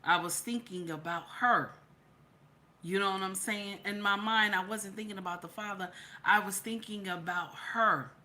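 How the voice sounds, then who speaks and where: A woman's voice: mid-range voice, normal speed, bright, forceful tone. A woman hosting a live vlog, speaking emphatically and repeating herself, tearful after crying. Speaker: channel host. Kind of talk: live-stream reaction vlog.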